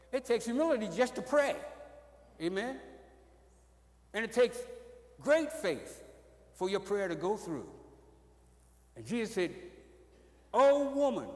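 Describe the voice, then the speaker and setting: A man preaching in a church sanctuary, his voice sitting high for a man. He swings between loud, raised exclamations and low, quiet storytelling, dropping "amen" between phrases. The sound is roomy, with a long reverb trailing off the walls. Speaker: pastor. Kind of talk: sermon. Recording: echoey church hall.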